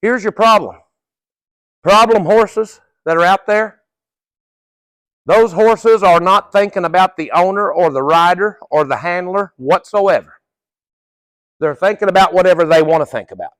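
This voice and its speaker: A middle-aged man coaches through a horse training session in a folksy, plain-spoken manner, tossing in a casual curse now and then. His voice sits fairly high and he takes his time. The sound is dry and close, with little room echo. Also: unhurried, long pauses, a bit bright. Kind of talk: live training-session instruction.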